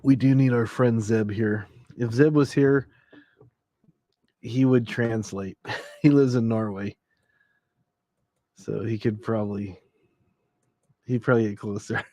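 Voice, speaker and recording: A man's voice: medium pitch, fairly even intonation, measured pace, pauses often, warm tone, dry recording. A man hosting a late-night livestream, joking and laughing as he reads chat requests aloud. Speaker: livestream host.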